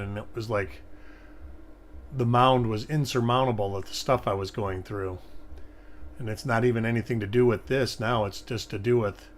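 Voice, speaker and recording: A man's voice: medium pitch, a little hiss or hum. A man hosting a live coin-hunting stream, chatting casually and rambling as he thinks aloud at his desk. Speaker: coin hunting livestream host.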